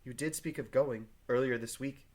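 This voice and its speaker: A man voicing Elizabeth Proctor, a reserved farm wife, read quietly and plainly from a play. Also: mid-range voice, steady tone, moderate pace, lightly acted. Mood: guarded. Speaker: teacher reading a play aloud. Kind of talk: reading play aloud to a class.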